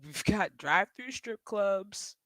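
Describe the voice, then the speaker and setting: Bright, slow-talking man ranting crudely. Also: sits high, expressive, dry recording. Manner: crude, mocking, laughs often. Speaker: streamer. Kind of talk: casual livestream rant.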